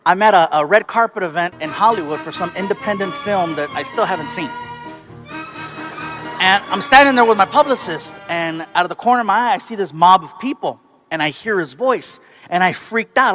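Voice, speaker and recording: High-pitched comedian guy telling a story on stage, animated, yells sometimes. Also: brisk, faint music behind. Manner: animated, shouting excitedly in places. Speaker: stand-up comedian. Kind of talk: stand-up storytelling. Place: stage before a live audience.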